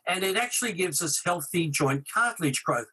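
A man's voice: sits high, expressive, normal speed, bright, forceful tone, a little hiss or hum, low-quality recording. A man co-presenting a cooking segment, giving health facts in an enthusiastic, scripted manner.

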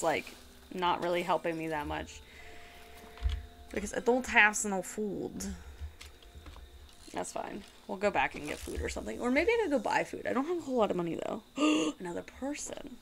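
A woman's voice: mid-range voice, creaky, a bit bright, slight background noise. A woman streamer chatting casually while she plays a game, rambling and giggling as she goes. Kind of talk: casual gaming chat.

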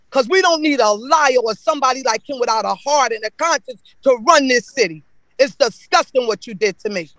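High-voiced man giving fiery public comment. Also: lively intonation, brisk, a bit bright, no room sound, low-quality recording. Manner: emotional, accusatory, repeating his points.

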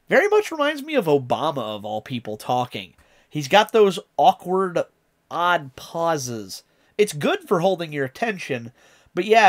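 Animated, chatty male streamer. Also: medium pitch. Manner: chatty, enthusiastic, explains lyrics. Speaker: streamer reacting to a video. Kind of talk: casual reaction commentary.

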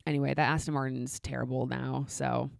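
A woman's voice: extremely low pitch, brisk, vocal fry, smooth, dry recording, studio quality. Chatty woman co-hosting a podcast. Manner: chatty, lively, many fillers and restarts. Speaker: podcast co-host. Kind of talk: casual chat recap.

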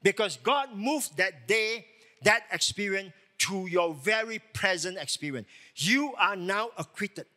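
Guy pastor preaching, high voice, keeps asking all right? to the crowd. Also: lively intonation, a little slow, sharp tone. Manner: emphatic preaching with rhetorical questions. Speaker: lead pastor. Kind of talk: sermon.

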